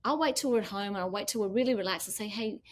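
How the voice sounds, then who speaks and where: A woman's voice: mid-range voice, very fast. A middle-aged Australian woman, a business founder, chatting as an interview guest and acting out quoted dialogue as she tells stories. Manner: animated storyteller, acts out quoted dialogue. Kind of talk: casual interview chat.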